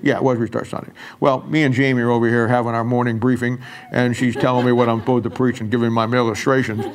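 An older man, a pastor, preaching a sermon in a folksy storytelling way and going soft and quiet when he quotes himself. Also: mid-range voice, flat delivery, fast.

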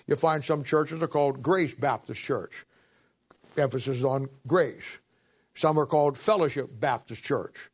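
A man gives a sermon from the pulpit in a slightly raised voice. He slows and swells to read scripture aloud, then drops into chatty asides, clearing his throat as he goes. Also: a little high. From Ohio, United States. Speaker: pastor.

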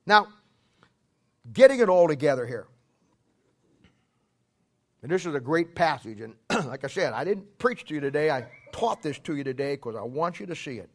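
A man's voice: fairly high pitch, sing-song, normal speed, pauses often. Folksy preacher man with a raised voice. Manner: builds to loud shouting climaxes, then drops quiet; repetitive, clears throat often. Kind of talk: folksy sermon storytelling.

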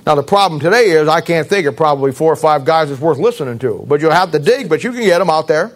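Man, middle-aged, high-pitched, pastor, blunt folksy sermon, sarcastic. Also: expressive, quick pace. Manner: folksy, blunt preaching with sarcastic asides and mimicked voices.

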